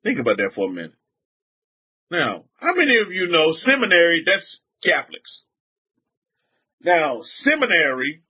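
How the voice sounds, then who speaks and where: A man's voice: on the high side, slightly rough, highs cut off. A man with a Southern US accent giving an informal religious talk to a group. He repeats himself and keeps asking his listeners rhetorical questions. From Southern United States. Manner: repetitive, restarts a lot, fires rhetorical questions at listeners. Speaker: religious teacher addressing a group.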